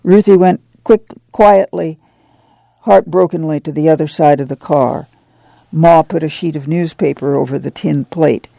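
A man narrating an audiobook in a measured, even storytelling manner. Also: a little high, gravelly, no echo.

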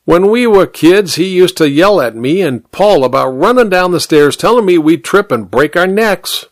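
A man voicing a drunk, hostile man around fifty in an audiobook, with slurred speech raised higher and louder than his narration. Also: sing-song, normal speed, dry recording. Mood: bitter.

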